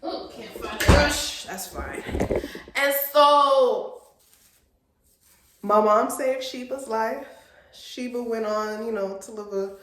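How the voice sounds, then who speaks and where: A woman in her late twenties from a Haitian family, telling a personal story in an animated, expressive storytime vlog. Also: on the high side, takes it slowly, long pauses, slight background noise. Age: late 20s. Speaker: vlogger. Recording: roomy echo.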